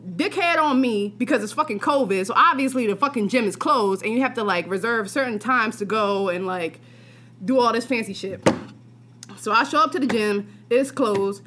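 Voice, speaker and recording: Profane, animated young woman storyteller. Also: a little high, moderate pace, slight background noise. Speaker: podcast co-host. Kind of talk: casual chat, storytelling.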